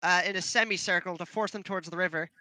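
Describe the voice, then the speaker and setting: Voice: medium pitch, steady tone, fast, sharp tone, dry recording. A player in a tabletop game, laying out plans step by step. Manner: plotting, lays out plans step by step.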